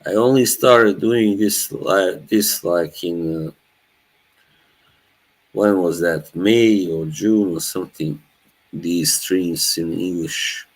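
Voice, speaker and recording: Slow, deep-voiced streamer. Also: male voice, low-quality recording. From Bosnia. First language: Norwegian. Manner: laid-back, laughs often, chats to viewers. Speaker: live streamer. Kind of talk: casual chat with live chat.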